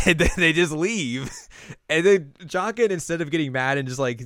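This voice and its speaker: A young man co-hosting a podcast, chatting casually and retelling scenes with quick acted quotes. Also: medium pitch, a bit bright, clean tone, dry recording, studio quality. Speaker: podcast co-host. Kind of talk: casual recap chat.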